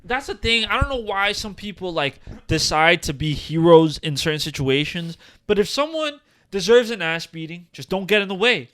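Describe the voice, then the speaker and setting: A young man in his twenties chats loosely on a podcast, stacking fillers and curses as he tells stories. His voice sits high and sounds bright and forceful. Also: sing-song, normal speed. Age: 20s. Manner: rambling, profane, filler-heavy storytelling. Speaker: podcast co-host. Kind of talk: casual chat.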